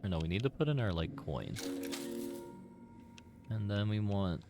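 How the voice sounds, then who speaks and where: A man's voice: on the low side, big pitch swings, measured pace, music in the background. A man casually commenting while playing a game on stream, rambling with many "like" fillers and side remarks.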